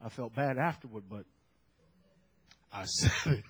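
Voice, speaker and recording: A man preaching a sermon, telling a story and building to loud shouted peaks. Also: mid-range voice, lively intonation, takes it slowly, slightly rough. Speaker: pastor.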